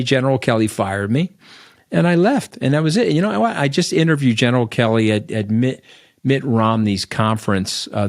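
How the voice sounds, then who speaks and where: A middle-aged man talks as an interview guest, blunt and animated. He tells his stories freely, tags points with "okay?", and sits at an average pitch for a man. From Long Island, New York. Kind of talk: candid storytelling interview.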